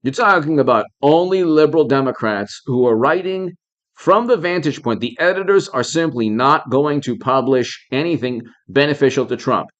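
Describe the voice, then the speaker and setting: A man's voice: mid-range voice, normal speed, highs cut off. A man hosting a live political commentary stream. He talks in an indignant, repetitive way, piling up rhetorical questions and stopping to thank viewers by name.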